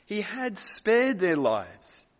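A man preaching a sermon as pastor, emphatic, with dramatic pauses and repeated phrases, in a large hall. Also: high-pitched, huge pitch swings. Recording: dull recording with long hall reverb.

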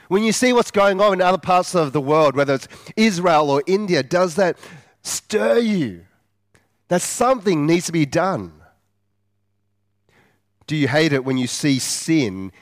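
A man delivering a sermon at an unhurried, deliberate pace, leaning on rhetorical questions and drawn-out words for emphasis. His voice sits at a middle pitch and is recorded close and dry, with no room sound. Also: no echo. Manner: earnest, measured preaching with rhetorical questions; slows down for emphasis. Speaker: preacher.

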